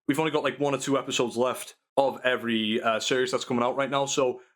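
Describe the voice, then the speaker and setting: A man's voice: mid-range voice, fairly even intonation, fast, a bit bright. A man hosting a casual podcast, leading the talk in a rambling way with many fillers. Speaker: podcast host. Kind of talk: casual chat.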